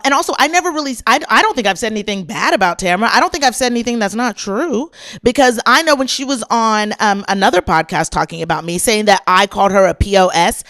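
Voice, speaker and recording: A woman, hosting a podcast in a sassy, animated, chatty way. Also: medium pitch. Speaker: podcast host. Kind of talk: casual chat commentary.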